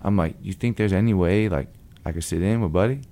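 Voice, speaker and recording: Lower-voiced man telling a lively story. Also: brisk. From Long Beach, California. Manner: lively, acts out the other people in his stories. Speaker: blues guitarist guest. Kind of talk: animated storytelling.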